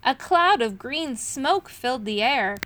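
Bright, animated woman reading a storybook. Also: high-pitched, measured pace, slight background noise. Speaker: storybook reader. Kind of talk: children's storybook reading aloud.

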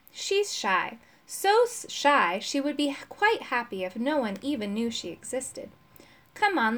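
A grumpy, know-it-all male companion from a storybook, as a woman reading aloud puts him on. He talks in a dry, superior way, and his fairly high voice swings widely as he lectures. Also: fairly bright tone, exaggerated voice.

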